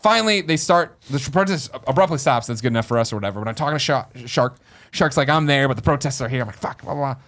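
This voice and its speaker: A man's voice: medium pitch, expressive, fast, fairly bright tone. A man in his thirties hosting a podcast, telling a story casually and acting out the voices of the people in it. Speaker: podcast host.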